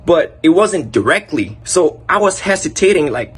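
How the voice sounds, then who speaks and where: Husky young man telling lively stories. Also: a little high, moderate pace, hardly any pauses. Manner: animated, laughing, profane. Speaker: vlogger. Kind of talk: casual storytelling.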